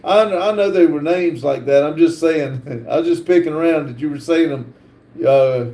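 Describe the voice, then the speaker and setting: A man hosting a livestream, reading viewer comments aloud in a halting, stumbling way with lots of fillers. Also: on the high side, mellow, reverberant. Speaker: livestream host reading chat. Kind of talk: casual live chat, reading comments aloud.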